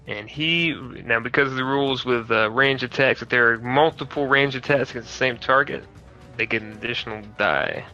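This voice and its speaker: Male game master, very bright tone, casual and swears freely. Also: medium pitch, fairly quick, highs cut off, faint music behind. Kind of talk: narrating a tabletop game.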